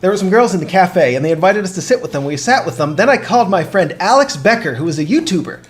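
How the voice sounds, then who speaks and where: A man's voice: high voice, animated, quick pace. A young man chatting casually on a gaming show, telling a long dream story with laughs and restarts. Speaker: co-host of a game podcast.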